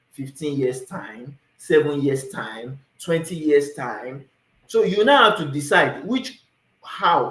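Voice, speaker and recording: A Nigerian man hosts a livestream, answering viewers' questions in a lively way and mixing pidgin into his English. His voice sits a little high. The sound is roomy and echoey. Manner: lively, repeats "you understand?", mixes in pidgin. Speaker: immigration consultant, livestream host.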